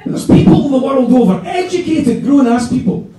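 A Scottish man doing a stand-up comedy set, animated and mock-indignant, with swearing. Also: very high-pitched, moderate pace. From Scotland. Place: comedy club stage. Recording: echoey club, distant mic, audience laughter. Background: audience laughing.

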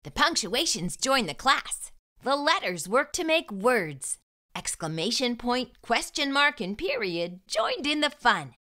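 Animated woman reading to children. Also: a little high, unhurried. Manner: animated, sing-song. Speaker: children's storyteller. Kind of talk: picture book read aloud.

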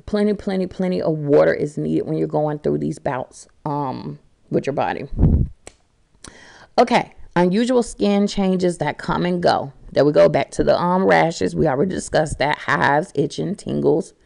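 A middle-aged woman chatting casually to her viewers in a blunt, profane, animated way. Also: low-pitched, moderate pace, gravelly. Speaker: vlogger.

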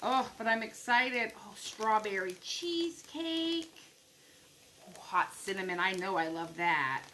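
A middle-aged American woman chatting casually to her viewers while unboxing gifts, gushing and excitable. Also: medium pitch, moderate pace, slight background noise, low-quality recording. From United States. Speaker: vlogger.

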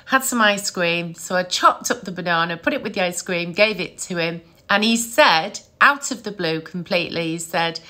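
A middle-aged woman tells stories to camera in a casual, lively way. Her voice is bright and clear. She laughs easily and keeps a warm, chatty rhythm. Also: mid-range voice, moderate pace, hardly any pauses. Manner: chatty, animated, laughs often. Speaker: psychic medium.

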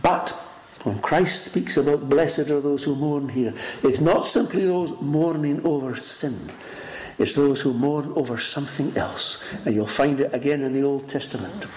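A man preaching a sermon in an emphatic, dramatic style, swinging between loud rises and hushed lines. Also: fairly high pitch, measured pace. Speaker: pastor. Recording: echoey room with faint noise.

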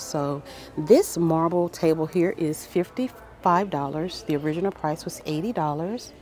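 A woman with a lowish, mellow voice walks through a large furniture store with her phone, excitedly reading out sale prices. She chats with her viewers the whole way, gushing over the bargains. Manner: excited, reads prices aloud, addresses viewers as guys. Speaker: shopping vlogger. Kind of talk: casual store walkthrough.

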